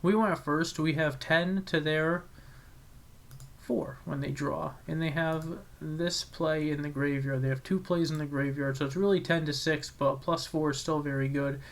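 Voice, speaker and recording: A young man casually commentating his own card game match, excitable and self-critical, with frequent restarts. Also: fairly high pitch, moderate pace, creaky.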